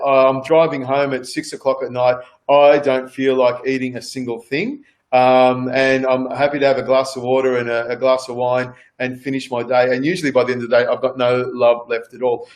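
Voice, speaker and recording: A man with an Australian accent, a chef chatting casually as a guest, rambling and repeating words with many fillers. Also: mid-range voice. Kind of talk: casual chat on a video call.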